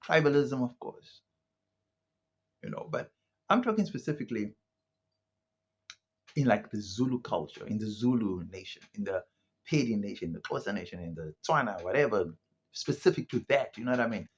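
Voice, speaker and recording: Male commentator from South Africa, husky and animated, casual chatty monologue, muffled lo-fi sound. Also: on the low side, moderate pace, pauses often. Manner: conversational, rhetorical asides, frequent "right?" and "you know". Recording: muffled lo-fi audio.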